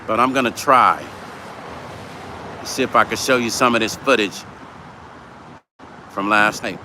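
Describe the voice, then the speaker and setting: A man hosting a casual livestream, his voice bright and forceful. He talks bluntly and swears freely as he answers viewer comments, with faint city traffic audible in the background. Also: mid-range voice. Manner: blunt and profane, reads viewer comments aloud.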